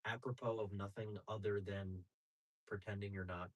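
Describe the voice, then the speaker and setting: A man with a low, husky voice chats loosely on a podcast. He is a comedian, and he muses aloud, letting his sentences wander and trail off before finding their point. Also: fairly even intonation, normal speed, poor audio. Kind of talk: casual podcast chat.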